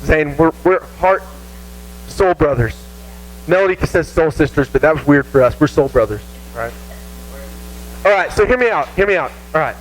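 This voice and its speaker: A man with a Southern American accent preaching a casual, animated sermon to a youth group, poking fun at himself. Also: a little high, normal speed, long pauses, a little hiss or hum, low-quality recording. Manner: animated, self-mocking, acts out whiny voices. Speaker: youth pastor. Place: church youth room.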